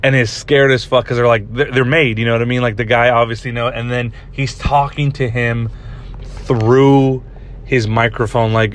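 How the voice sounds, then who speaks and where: A man's voice: mid-range voice, steady tone, moderate pace. A young man hosting a podcast, telling a story in a casual, rambling way, swearing often and restarting his sentences. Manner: rambling and profane, many restarts. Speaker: podcast host. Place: parked vehicle.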